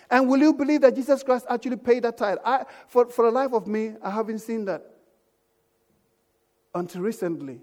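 A man's voice: high-pitched, a little mellow. A man preaching a sermon as pastor, emphatic and calling out for amens from the congregation. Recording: echoey church hall.

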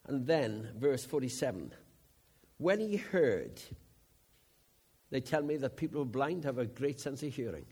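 A man, preaching a sermon in an animated, conversational storytelling way. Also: mid-range voice, a little slow, pauses often, husky. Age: 70s.

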